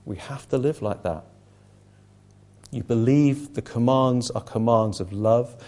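A man's voice: mid-range voice, measured pace, darkish tone. A man preaching a conversational sermon to a small group, earnest, repeating words as he restarts his sentences.

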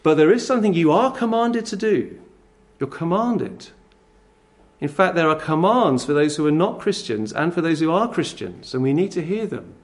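A man's voice: fairly high pitch, big pitch swings, normal speed. A man preaching a sermon. He speaks emphatically and addresses his listeners directly with commands.

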